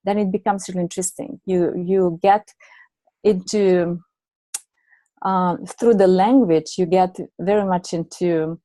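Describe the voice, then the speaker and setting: A middle-aged woman whose first language is not English speaks as a guest coach. Her voice sits low and warm, and she reflects slowly with fillers and restarts. The recording is dry and close. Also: fairly even intonation, dry recording. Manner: reflective, many fillers and restarts, laughs often. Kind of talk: conversational storytelling.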